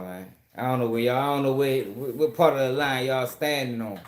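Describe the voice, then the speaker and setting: A man's voice: medium pitch, brisk, roomy sound. A man from Baltimore with a Baltimore accent, hosting a casual live-stream commentary show, profane and answering chat comments directly.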